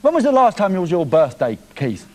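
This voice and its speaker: A cheeky man hosting live studio television, with a high voice that swings all over the place. He teases and jokes at a fast clip, with a faint hiss behind him. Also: huge pitch swings, a little mellow. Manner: cheeky, teasing. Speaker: TV presenter. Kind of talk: live TV banter.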